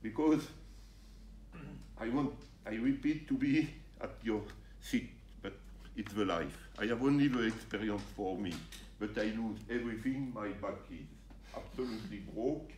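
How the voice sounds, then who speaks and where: An older man from France with a French accent, giving an animated, jokey talk to referees in broken English. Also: lowish voice, normal speed, a little hiss or hum. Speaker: guest speaker. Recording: roomy sound from a distance, faint ambience.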